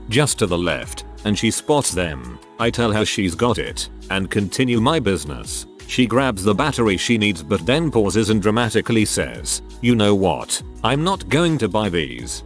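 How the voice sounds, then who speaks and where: A man narrating first-person reader stories in a steady scripted reading. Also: lowish voice.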